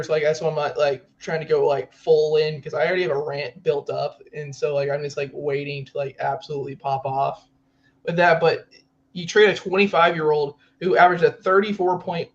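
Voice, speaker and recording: A young man with a fairly high voice co-hosts a sports podcast. He rambles excitedly and fills his talk with "like". The audio sounds slightly dull and lo-fi. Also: moderate pace. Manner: rambling, heavy use of "like", excitable. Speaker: podcast co-host. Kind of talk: casual sports chat.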